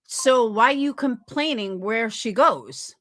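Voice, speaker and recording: A woman on a live-stream panel, talking bluntly and profanely and taking sides quickly. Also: on the high side, expressive, fairly bright tone.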